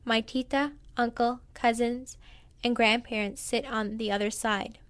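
A woman reading a first-person memoir aloud in a plain, quiet storytelling manner. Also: a little high, steady tone, measured pace, dry recording. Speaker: narrator.

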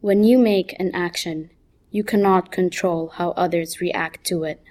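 A woman voicing a stern middle-aged mother who lectures her son in a calm, firm, measured voice. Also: lowish voice, lightly acted.

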